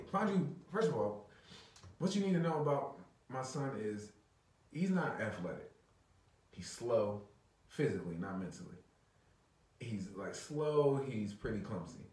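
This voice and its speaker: A man in his thirties co-hosts a podcast, telling a story in casual conversation while laughing and swearing a lot. His voice is medium-pitched and a little mellow. The recording is roomy, with a distant mic and a little hiss or hum.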